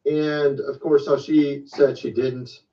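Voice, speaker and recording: A man's voice: medium pitch, takes it slowly. A man from Michigan hosting a casual online commentary, rambling in a conspiratorial tone. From Michigan, USA. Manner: conspiratorial, rambling, lively delivery. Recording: distant, muffled lo-fi sound.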